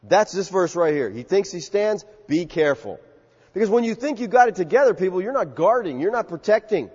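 A man's voice: high-pitched, big pitch swings, fairly quick, a little mellow, slightly rough. A male pastor preaching an expository sermon in an emphatic, conversational way, acting out quotes. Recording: muffled sound with long hall reverb.

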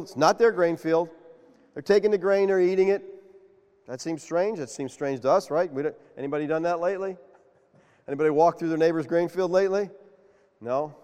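A man preaching a sermon, animated and quizzing his congregation with questions. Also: high-pitched. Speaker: pastor. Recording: long reverb of a large hall.

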